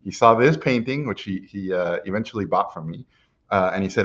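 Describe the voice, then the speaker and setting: A middle-aged man, an animation director, telling stories from his life in an animated way, often chuckling as he talks. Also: fairly low pitch, brisk. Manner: animated storyteller, chuckles while telling anecdotes. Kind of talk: personal storytelling talk. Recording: dull lo-fi recording.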